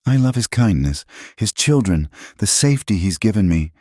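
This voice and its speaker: A man's voice: lowish voice, expressive, normal speed, dark tone, dry recording, studio quality, pitched above the performer's own voice. A man voicing a proud, determined frontier woman who speaks firmly and defiantly in a storybook tale. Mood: tender. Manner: firm, defiant.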